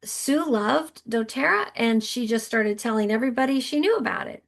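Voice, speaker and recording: A woman's voice: a little high, animated, normal speed, creaky. A middle-aged woman, a podcast guest, telling her story in an earnest, emotional way with frequent restarts. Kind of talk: conversational storytelling.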